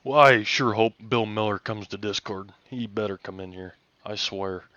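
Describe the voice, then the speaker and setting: Hoarse guy doing post-race interviews, folksy and excited, dry close mic. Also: fairly low pitch, moderate pace, dry recording, lo-fi sound. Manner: folksy, excitable, many fillers. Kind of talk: casual post-race interview over voice chat.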